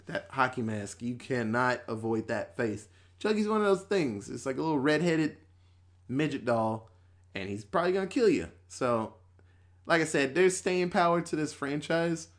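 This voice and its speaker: A man in his thirties, a podcast host, chatting casually and profanely, acting out bits in quick voices. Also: mid-range voice. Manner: loose and profane, acts out quotes. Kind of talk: casual chat.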